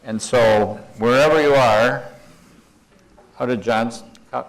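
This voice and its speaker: A man's voice: medium pitch, takes it slowly, poor audio. Folksy older man giving a talk. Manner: folksy, wandering, self-deprecating, with chuckles. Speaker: conference speaker. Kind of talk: conference talk, guided imagery. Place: conference room.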